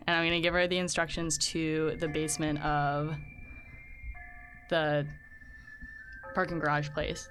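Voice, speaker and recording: A woman's voice: deep voice, flat delivery, unhurried, long pauses, a bit bright, smooth. A woman playing a tabletop game who speaks casually and playfully, with hesitant fillers. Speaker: player.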